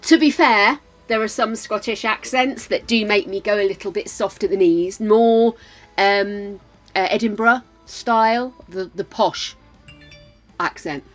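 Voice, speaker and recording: A woman's voice: mid-range voice, measured pace. An older British woman streaming a game, chatting casually with viewers, laughing often and muttering to herself as she plays. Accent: British English. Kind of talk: casual chat while playing. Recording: faint game music behind.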